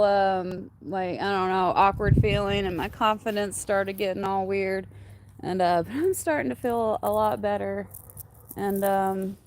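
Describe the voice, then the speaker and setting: A woman's voice: medium pitch, darkish tone, a little hiss or hum. A woman hosting a casual livestream outdoors. She rambles, uses many fillers and coos to her dogs. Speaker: livestream host. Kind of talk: casual chat with viewers.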